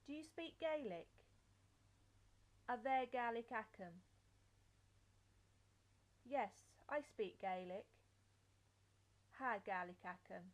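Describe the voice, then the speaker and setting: Young woman learner, fairly high voice, unhurried careful drilling of phrases. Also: lively intonation. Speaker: language learner. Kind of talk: reading out phrases and their translations.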